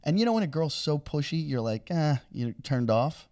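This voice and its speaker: A man's voice: on the high side, sing-song, normal speed, darkish tone. A man who does stand-up comedy and co-hosts a podcast, telling a long crude anecdote in a rambling, casual way. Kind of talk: casual storytelling chat.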